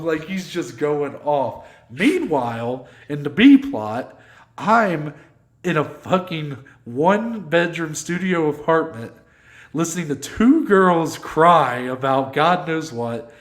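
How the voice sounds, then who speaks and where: A man co-hosting a podcast, telling a long story in a casual, animated way, swearing freely and acting out what people said. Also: on the high side, slow pace, echoey room. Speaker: podcast co-host.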